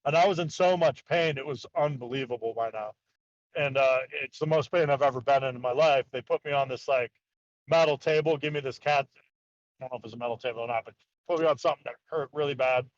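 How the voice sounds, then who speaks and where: A man's voice: mid-range voice, fast, no room sound, dull audio. A man telling a long story in casual talk, rambling with lots of "like" and acting out what others said. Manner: rambling, heavy use of "like", acts out quotes. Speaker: guest, BMX park builder.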